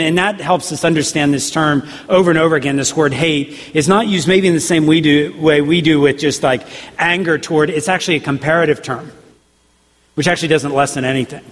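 A man preaching a sermon as a pastor, conversational and animated, often acting out quotes in little voices. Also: on the high side, a little fast, long reverb tail.

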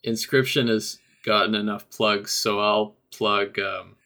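Gravelly, laid-back male guest. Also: on the low side, level tone, unhurried, bright, forceful tone. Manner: laid-back, self-deprecating, laughs often. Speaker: guest, game developer. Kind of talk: casual chat.

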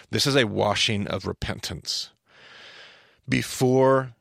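A man with a low, gravelly voice teaches on a podcast in a casual, explanatory way. He stresses his points and often stops to correct himself mid-sentence. The sound is dry and close, with no room echo. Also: a bit bright. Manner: explanatory, self-correcting, emphatic.

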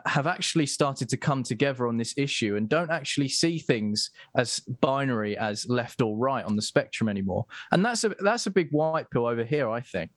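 A man talking as a guest on a political show, stopping and restarting often and filling pauses with "um". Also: mid-range voice, no room sound, studio quality. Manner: halting, many restarts and fillers. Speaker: guest commentator. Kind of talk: casual political discussion.

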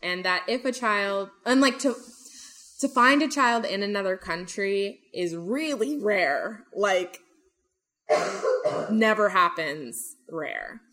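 A woman's voice: medium pitch, expressive, takes it slowly, sharp tone. Chatty young woman telling a story. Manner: chatty, lots of "like" and "um", acts out quotes. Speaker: podcast host telling a true crime story. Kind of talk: casual storytelling chat.

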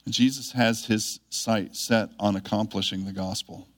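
A man preaching a sermon in an earnest, measured way, with emphatic rises when he reads scripture. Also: lowish voice, steady tone.

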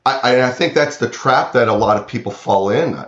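Speaking fairly quickly in a mid-range, fairly bright voice, a man covers cloud security during a remote interview from his home, with roomy, dull-sounding audio. He is earnest, repeats words frequently, and quotes imagined clients.

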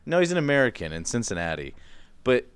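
A man's voice: medium pitch, big pitch swings, fast talker, a bit bright, clean tone, dry recording. A male podcast co-host chatting casually, teasing his partner playfully. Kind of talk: casual comedic chat.

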